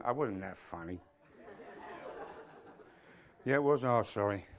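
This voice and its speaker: A man preaching a sermon, animated, acting out voices and swinging from loud exclamations to hushed asides. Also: fairly low pitch, slow pace, a faint crowd.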